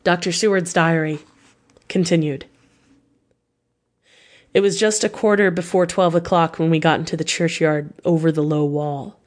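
A woman with a fairly low voice narrates a classic novel in steady, measured scripted storytelling. Her reading is calm and even. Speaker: audiobook narrator.

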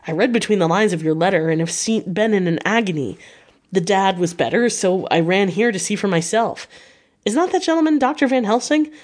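A woman's voice: medium pitch, animated, a little fast, darkish tone, lightly acted. Anxious young gent read by a woman, eager earnest, audiobook. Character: anxious devoted young gentleman.

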